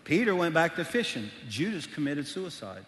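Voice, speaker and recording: A middle-aged man, preaching a sermon as pastor, telling stories animatedly and swinging between loud and hushed. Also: on the high side, very animated, moderate pace. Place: church auditorium. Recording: long reverb of a large hall.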